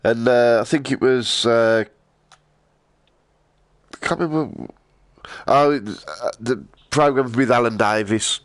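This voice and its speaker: A man's voice: medium pitch, measured pace, pauses often, dry recording. A man chatting casually and rambling while he streams a VR game, laughing often.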